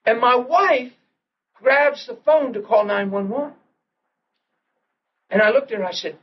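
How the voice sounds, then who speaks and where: A middle-aged man preaches a sermon in a fairly high voice, telling a story and acting out the quotes in it. He often drops to a near whisper. The old recording is muffled, with a faint hiss behind it. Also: expressive, normal speed. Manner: storytelling, acts out quotes with sudden hushed drops.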